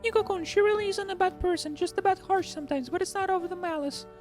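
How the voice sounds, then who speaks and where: A man voicing a gentle young woman, the narrator's girlfriend, in a soft falsetto. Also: quick pace, soft background music. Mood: curious.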